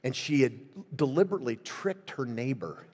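A middle-aged man preaches at a revival, moving from quiet storytelling to loud, fervent exhortation. His voice sits at an ordinary male pitch. It rings with the long reverb of a large church hall. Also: expressive, moderate pace. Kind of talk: sermon.

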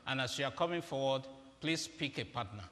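A man's voice: mid-range voice, animated, brisk, fairly bright tone, slight background noise. A man giving a humorous, interactive sermon, directing volunteers on stage in a large auditorium. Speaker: guest preacher. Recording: echoey hall with faint ambience.

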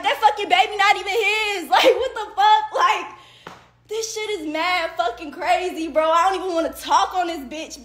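A woman's voice: extremely high pitch, fairly bright tone. A young woman on a livestream, ranting in an indignant and exasperated way, swearing constantly and filling her speech with "like" and "bro", with bursts of laughter. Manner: heavy profanity, repeated "like" and "bro". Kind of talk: angry livestream rant.

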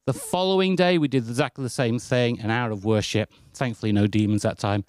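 A man's voice: medium pitch, fairly quick, no echo, studio quality. A British man preaching a sermon, telling stories in a chatty, self-deprecating way. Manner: anecdotal, chatty and lively, with self-deprecating asides.

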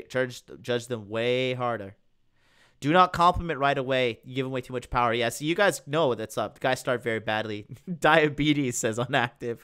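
A man's voice: mid-range voice, fairly bright tone, smooth. A young man hosting a live stream, reacting to a video and reading chat aloud in a crude, mocking way and laughing often. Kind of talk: casual live-stream commentary.

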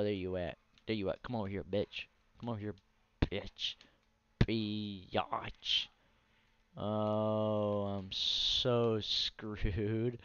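A gaming channel host with a lowish, darkish voice provides casual let's play commentary on his own console gameplay, sounding tired and ranting bluntly with plenty of profanity. The recording comes from a dull lo-fi mic and is dry, with no room sound.

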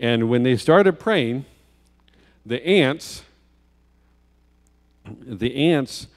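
A man's voice: mid-range voice, a little mellow. A man preaching as a guest speaker, telling a children's story in a church sanctuary with vivid detail and rhetorical questions. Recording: long church hall reverb.

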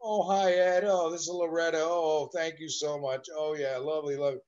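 A man's voice: fairly high pitch, flat delivery, a little fast, a little mellow, muffled recording, voice pushed up, close to an everyday voice. A man doing a gracious mom on the phone. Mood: polite. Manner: sweet polite phone voice. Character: gracious mother greeting a caller on the phone.

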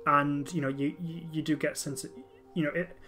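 A man's voice: fairly high pitch, flat delivery, sharp tone, faint music behind. A man hosting a podcast, talking enthusiastically in a casual discussion, often stopping and restarting his sentences. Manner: enthusiastic, halting with many restarts. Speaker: podcast host.

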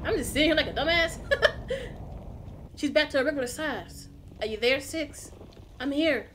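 A woman hosting a gaming channel, giving loud, excitable let's-play commentary with casual slang and sudden yelps and curses. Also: high voice, brisk, slight background noise. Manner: casual, slangy banter with game characters. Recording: game music playing loudly underneath. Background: game music.

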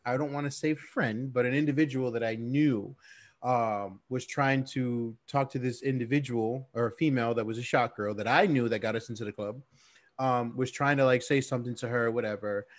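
A man's voice: medium pitch, moderate pace. A man co-hosting a podcast, telling a boastful story in a joking, casual way. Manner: boastful, joking, drops into mimicked voices. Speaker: podcast co-host. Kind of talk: casual storytelling among friends.

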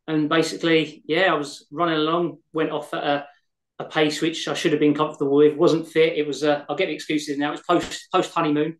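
A man's voice: fairly high pitch, little pitch movement, a little fast. An English man co-hosting a podcast, chatting casually and repeating words as he talks. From England. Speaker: podcast co-host. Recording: echoey room.

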